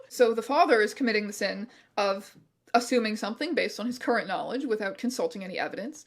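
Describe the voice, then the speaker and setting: A woman's voice: medium pitch, expressive, fast. A woman hosting a video essay who reads scripted narration with sarcastic, irreverent asides. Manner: sarcastic, irreverent, swears and laughs. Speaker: YouTube host.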